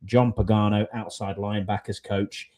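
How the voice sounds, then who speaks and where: A lower-pitched man hosts a sports podcast. He talks in a loose, chatty way and often fills pauses with "um" and "uh". His delivery rambles easily from point to point. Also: level tone, darkish tone. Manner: rambling and chatty, many fillers. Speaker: podcast host. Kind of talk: casual podcast chat.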